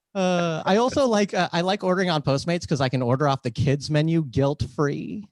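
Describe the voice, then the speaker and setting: A young male comedian works a clean stand-up set over a video call, delivering wry, self-mocking stories at an unhurried pace. His pitch leaps around with animation, and he slips into flat deadpan voices for the characters he quotes. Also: no echo.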